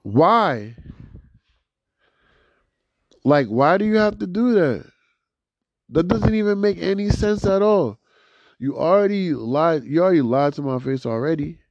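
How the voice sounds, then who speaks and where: Animated young man ranting, lo-fi. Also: measured pace, long pauses, no room sound. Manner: animated, profane, swings from loud outbursts to low mutters. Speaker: podcast host. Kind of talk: solo rant podcast. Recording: dull lo-fi dry recording.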